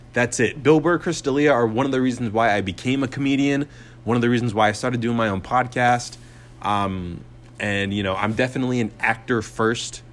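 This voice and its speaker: A young man in his mid-twenties runs his solo podcast with a loose, foul-mouthed rant. His voice sits at a middle pitch, and he circles back on himself with fillers, sarcasm and many false starts. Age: 20s. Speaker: podcast host and comedian.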